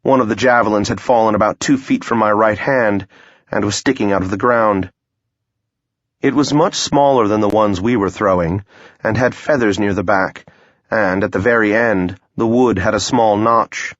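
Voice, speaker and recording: A man's voice: lowish voice, moderate pace, no echo. A man narrating a first-person fantasy audiobook in a wry, understated way, recorded with a dull, dry sound.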